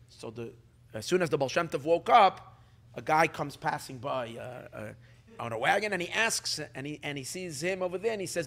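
A rabbi tells an old Hasidic tale to a gathered community. His voice sits a little high for a man, and he keeps stopping, repeating words and restarting his sentences, with Yiddish words mixed in. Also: expressive, vocal fry, fairly bright tone. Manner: halting storyteller, many restarts and fillers, Yiddish words. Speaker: rabbi telling a Hasidic story. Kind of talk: storytelling talk. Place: community gathering, evening meal.

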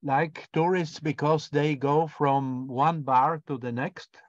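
A man's voice: on the high side, fairly even intonation, takes it slowly, no echo. A man student in an online language class, musing playfully about a word's meaning. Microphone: video call. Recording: dry muffled video call audio.

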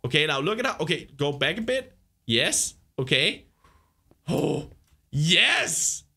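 A young man hosting a gaming video, patiently coaching a player through a course, excitable and laughing often. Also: fairly high pitch, slow pace, vocal fry, breathy edge. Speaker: gaming host.

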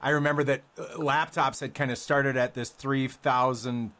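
Man in his thirties, mid-pitched voice, relaxed chatty host. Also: normal speed. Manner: conversational, reminiscing with fillers. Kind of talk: casual interview chat.

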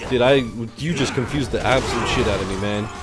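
A man's voice: medium pitch, fast, loud music behind the voice. A young man casually commentating a game he plays on stream, loose and profane, laughing and reacting to chat as he gets sidetracked. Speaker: gaming streamer. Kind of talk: casual let's-play commentary.

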